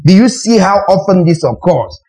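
A man's voice: sits high, sing-song, normal speed, warm tone, poor audio. A man preaching a sermon as a pastor, emphatic and questioning his congregation directly.

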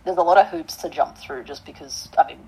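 A woman's voice: deep voice, fairly quick, a little mellow, breathy edge, low-quality recording. A woman from Australia with a mixed Australian accent, a guest in a casual chat who talks hesitantly and repeats words.

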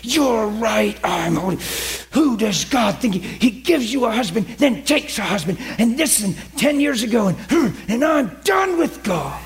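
A man playing a shrill, grieving wife. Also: big pitch swings, measured pace, gravelly, exaggerated voice. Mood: bitter. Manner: shrill, crying out. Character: grieving middle-aged wife, bitter at God.

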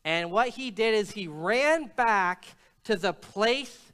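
A male pastor preaching a sermon, reading scripture and retelling it with lively shifts in voice and pace. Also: slow, clean tone. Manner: storytelling preacher, quotes scripture and acts out lines with shifts in pitch and pace. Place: church.

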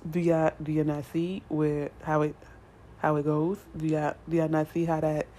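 A woman's voice: sits low, flat delivery, moderate pace, mellow. A young adult woman giving a casual tarot reading to her viewers, chatty and repetitive, talking straight to them as y'all. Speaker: tarot reader.

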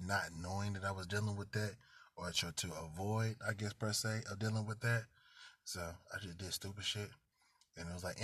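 A man's voice: deep voice, a bit bright, slightly rough, no echo. A man hosting a casual podcast from a parked car, telling stories in a laid-back, slangy way. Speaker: podcast host. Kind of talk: casual chat.

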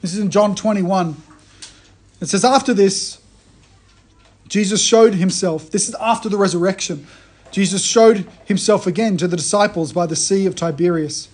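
High-voiced man preaching conversationally. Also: normal speed. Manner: animated storytelling, frequent restarts. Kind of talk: conversational sermon.

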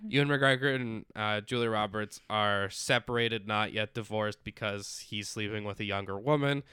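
A man with a fairly low voice that is strikingly bright and crisp recaps a movie in loose podcast chat. He rambles, leans on "like" and fillers, and slips into quick impressions of the characters. The sound is dry and close to the mic. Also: dry recording. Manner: rambling, full of "like" and fillers, acting out quotes. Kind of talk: casual chat recapping a film.

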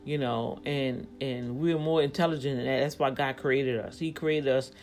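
A woman's voice: rumbling low, steady tone, normal speed, darkish tone, faint music behind. A woman vlogger in casual commentary, rambling as she thinks things through aloud and speaking straight to her viewers, growing emphatic when riled up.

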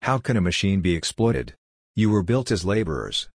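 A man voicing a hostile, scornful old male senator who talks bluntly in a dry, husky voice. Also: low voice, big pitch swings, normal speed, no room sound, full character voice. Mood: contemptuous. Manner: blunt, dismissive.

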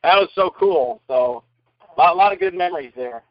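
Animated male storyteller, dull dry sound. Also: sits high, a little fast, no room sound. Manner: animated, acts out quoted lines in varied voices. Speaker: actor and interview guest. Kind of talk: anecdotal storytelling in an interview.

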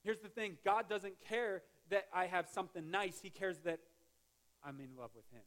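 A man's voice: high voice, normal speed, fairly bright tone. A male pastor giving a conversational sermon, with joking asides and restarts. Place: church sanctuary.

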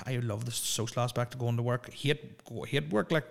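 A man's voice: mid-range voice, moderate pace, creaky. A young man chatting alone into the mic for his podcast, his voice sitting mid-range. He rambles loosely, swears often and keeps slipping into jokes and asides. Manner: rambling, profane and jokey. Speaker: podcast host. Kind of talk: casual solo podcast chat.

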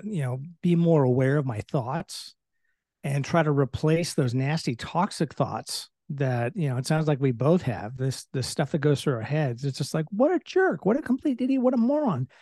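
A man's voice: fairly high pitch, moderate pace, darkish tone, no echo, studio quality. A middle-aged man, a leadership trainer, explaining in casual conversation with everyday examples and candor about his own temper.

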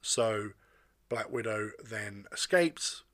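A man's voice: fairly low pitch, animated, slow, a bit bright, dry recording, studio quality. A man giving a casual, rambling spoken film review with asides and restarts.

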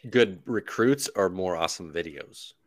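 A man's voice: low-pitched, lively intonation, moderate pace. A man hosting a casual sports podcast in a laid-back way, steering the talk to the next topic.

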